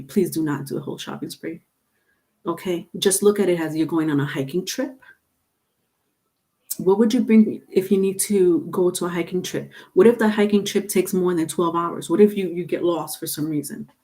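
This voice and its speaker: A woman's voice: fairly low pitch, moderate pace, darkish tone. A middle-aged woman talks casually through a tarot livestream from home. Her delivery is chatty and loose. She circles back over her points and laughs often. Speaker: tarot reader.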